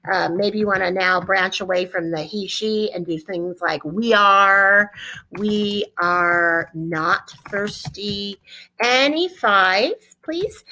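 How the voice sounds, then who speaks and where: A woman teacher giving an online Spanish lesson to her students, upbeat, repeating phrases slowly for them to echo. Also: mid-range voice, pushed and bright.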